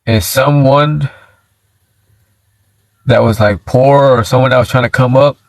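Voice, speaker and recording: A man's voice: mid-range voice, steady tone, measured pace, creaky, dry recording, low-quality recording. A man chatting casually and telling a story on a livestream from inside his car, in a slangy, laid-back way that keeps checking in with his listeners. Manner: slangy and laid-back, lots of "you feel me".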